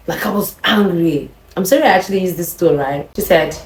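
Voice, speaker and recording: A woman's voice: on the low side, a little fast, slight background noise. Nigerian woman telling a story in a roomy echo. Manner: animated, addresses the viewers directly. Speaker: vlogger. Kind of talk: storytime monologue.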